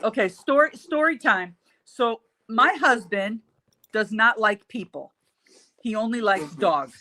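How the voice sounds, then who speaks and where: A middle-aged woman hosts a loose, casual chat. She tells a story with salty mock outrage, and her voice sits a little high. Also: animated, a little slow, sharp tone, slight background noise. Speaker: host.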